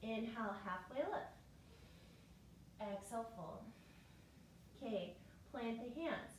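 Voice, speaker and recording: A woman leading a yoga class, giving calm step-by-step cues on each breath, a little out of breath. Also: fairly high pitch, slow, slight background noise. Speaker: yoga teacher. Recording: echoey room, mic far off.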